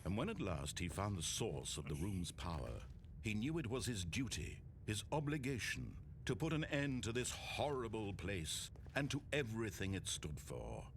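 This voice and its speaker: A grand game narrator. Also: male voice, lowish voice, sing-song, moderate pace, slight background noise. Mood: grandiose. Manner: sweeping, theatrical storytelling. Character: grave, theatrical male storybook narrator of a game. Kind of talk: dramatic scripted narration. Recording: game audio with loud music.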